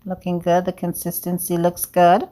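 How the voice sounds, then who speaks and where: A woman's voice: fairly low pitch, monotone, normal speed, mellow. A woman with an accent, chatting upbeat to viewers as she demonstrates a home baking recipe. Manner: upbeat, talks straight to viewers as "guys"; speaks with a non-native accent of English. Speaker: home cooking vlogger.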